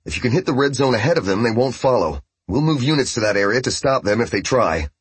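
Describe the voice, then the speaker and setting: A man voicing a steady male coordinator briefing a team over comms. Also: medium pitch, fast talker, husky, no room sound, pitched above the performer's own voice.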